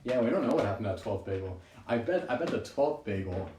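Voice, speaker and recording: Man, live-stream stand-up from home, rambling, self-mocking, laughs at his own jokes, low voice, distant mic, echoey room. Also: lively intonation, fast, a little mellow. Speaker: stand-up comedian. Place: at home during quarantine. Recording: roomy, distant home recording with faint noise.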